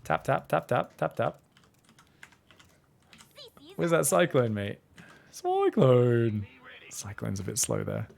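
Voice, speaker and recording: A man's voice: mid-range voice, huge pitch swings, slow, creaky, long pauses, a little mellow. A man, casually commentating a strategy game and chatting with viewers in a rambling, laid-back way. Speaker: StarCraft coach and streamer.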